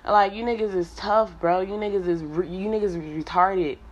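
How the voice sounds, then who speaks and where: A woman's voice: medium pitch, fairly even intonation, moderate pace, muffled recording. A woman ranting bluntly and profanely at her viewers, confrontational and fed up. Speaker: app streamer.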